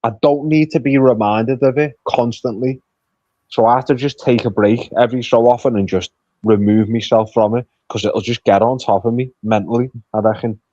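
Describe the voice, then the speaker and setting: A man's voice: medium pitch, fairly even intonation, moderate pace, warm tone, no echo. A man chatting casually as a guest, blunt and swearing a lot. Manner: blunt and heavily profane. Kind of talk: casual chat. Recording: dull, lo-fi, dry remote line.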